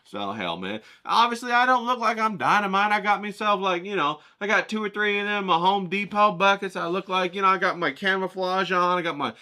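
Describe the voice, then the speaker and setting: A man's voice: sits high, brisk, few pauses, pushed and bright. A man telling a crude comic story in a brash, profane, rambling way, as a vlogger who paints.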